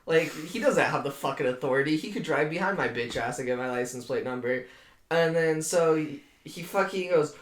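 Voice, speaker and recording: A man's voice: fairly high pitch, moderate pace. A young man co-hosting a podcast, telling a story in a sarcastic, swear-heavy way and laughing along as he goes. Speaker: podcast co-host. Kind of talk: casual storytelling among friends. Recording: roomy echo.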